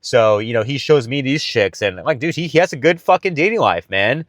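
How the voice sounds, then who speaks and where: A young man talks straight to his viewers in a loose, profane pep talk about dating, leaning on "bro" and "guys" like he's coaching a friend. His voice sits at an ordinary middle pitch. The sound is dry and close, with no room around it. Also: expressive, a little fast, a bit bright, dry recording. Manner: blunt, profane, buddy-style, calls listeners bro and guys. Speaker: dating advice vlogger.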